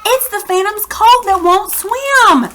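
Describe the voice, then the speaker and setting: Woman voicing a hoarse shouting fisherman. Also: big pitch swings, measured pace, heavily acted. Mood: excited shouting. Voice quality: hoarse, cracking voice. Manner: shouting high-pitched news across the water. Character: hoarse excited male fisherman shouting reports.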